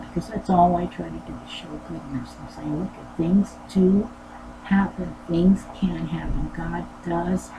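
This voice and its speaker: A low-pitched woman talks earnestly and rambles, looping back over the same phrases. There is steady, clearly audible noise behind her voice. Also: lo-fi sound. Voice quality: low voice that does not go higher. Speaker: sewing channel host. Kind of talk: casual personal talk. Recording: noisy background.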